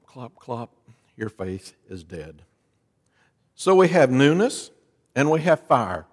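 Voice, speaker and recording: Lively preaching man in a reverberant hall. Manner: dramatic preacher, lively rises and drops in pitch and volume. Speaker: pastor. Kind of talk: sermon. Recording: long reverb of a large hall.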